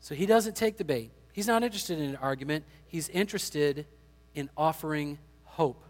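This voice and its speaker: A man preaches a sermon in a hall with a long, ringing reverb. His voice sits a little high for a man. He retells a scripture story and briefly voices its people. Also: normal speed. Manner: acts out quoted speech of biblical figures in paraphrase. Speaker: pastor.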